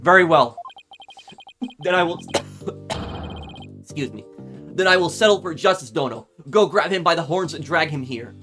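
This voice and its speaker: A man voicing a stern, formal male prosecutor in a video game, with a put-on accent and slow, clipped, mocking speech. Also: a little high, animated, music in the background. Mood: exasperated. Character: stern old-fashioned male samurai prosecutor.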